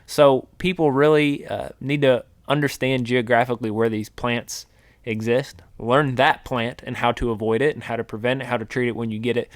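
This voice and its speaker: A middle-aged man talks through an outdoors topic on a podcast. His pitch sits in a middle range, and he explains at length with plenty of restarts and fillers. The recording is dry and close. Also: fairly even intonation, normal speed, no echo. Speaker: podcast co-host, wildlife biologist. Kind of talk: casual podcast chat.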